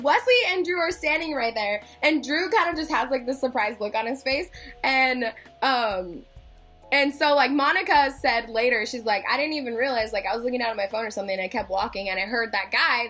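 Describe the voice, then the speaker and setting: A woman's voice: high-pitched, a bit bright. A young woman telling a story casually, full of "like" and acted-out quotes. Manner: chatty, fillers of "like", acts out quotes. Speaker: vlogger.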